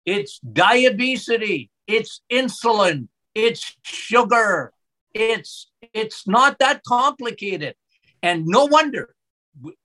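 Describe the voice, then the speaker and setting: A bright, forceful male voice of a middle-aged doctor talking about health. He gets excitable and his pitch climbs as his passion builds. He delivers short, emphatic statements. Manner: excitable, voice rises when excited. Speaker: doctor, podcast guest.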